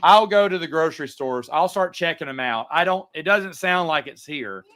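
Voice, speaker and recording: A man's voice: a little high, lively intonation, moderate pace, fairly bright tone. A man hosting a casual livestream, answering viewer chats in a rambling way with frequent stammers and restarts.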